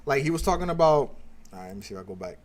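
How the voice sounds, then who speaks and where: A man's voice: medium pitch, sing-song, very fast. A man streaming a heated, sarcastic reaction rant, swearing constantly as he mocks what he watches.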